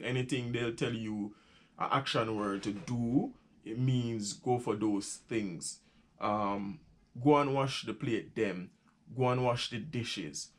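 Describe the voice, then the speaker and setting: A man's voice: mid-range voice, fairly even intonation, unhurried. A young Jamaican man with a Jamaican accent, chatting casually as he explains local sayings, laughing often and repeating phrases. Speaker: vlogger teaching patois.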